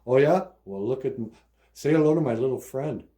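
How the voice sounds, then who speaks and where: A man's voice: mid-range voice, lively intonation, fairly quick, warm tone, pitched above the performer's own voice, close to an everyday voice. A man voicing a crude, threatening street robber with blunt tough-guy talk during comic storytelling. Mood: menacing.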